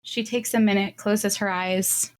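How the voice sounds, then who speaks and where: A woman player describing her character's actions in a tabletop game, calm and descriptive. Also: medium pitch, unhurried.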